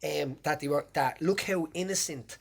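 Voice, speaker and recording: An Irish man hosting a casual podcast, telling a long story in a rambling, animated way with the odd swear word. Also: on the high side, normal speed, creaky. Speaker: podcast host.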